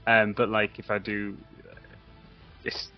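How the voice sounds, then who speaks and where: A man's voice: fairly low pitch, completely flat delivery, slow pace. A man who does voice acting, a podcast guest telling his story in casual chat, hesitant and full of fillers and restarts. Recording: dull lo-fi audio with faint music.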